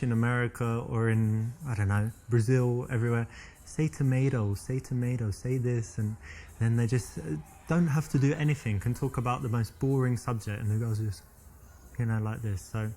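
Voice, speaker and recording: A man's voice: medium pitch, steady tone, normal speed, warm tone, slight background noise, close to an everyday voice. A man playing a smug, boastful Englishman. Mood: cocky. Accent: British. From England. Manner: boastful, cocky, flirtatious. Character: smug British man bragging about his accent. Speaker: seduction coach in a video game. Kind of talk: improvised acted dialogue.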